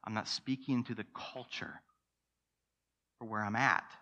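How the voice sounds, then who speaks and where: Bright-voiced preacher in a reverberant church. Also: male voice, lowish voice, measured pace, lo-fi sound. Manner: storytelling, animated, rhetorical questions to the congregation. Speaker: pastor. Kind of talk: sermon. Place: church sanctuary.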